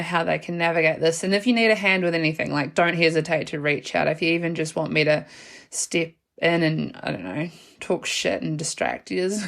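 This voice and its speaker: A New Zealand woman in her thirties rambles through a casual solo podcast chat. Her voice sits a little low for a woman, and she talks in a frank, slangy way, breaking into laughter often. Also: vocal fry. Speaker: podcast host.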